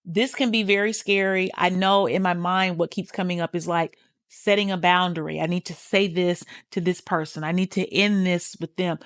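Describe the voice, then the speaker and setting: A woman's voice: lowish voice, no room sound, studio quality. A woman hosting a podcast on healing, talking casually and candidly straight to the listener and swearing freely. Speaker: podcast host, healing coach. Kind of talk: casual motivational talk.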